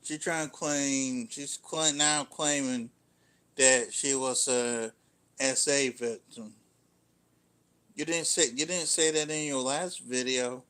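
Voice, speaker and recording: A man's voice: medium pitch, steady tone, takes it slowly, a bit bright, smooth. A man co-hosting a live-stream reaction, interjecting with skeptical reactions and closing the show. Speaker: co-host.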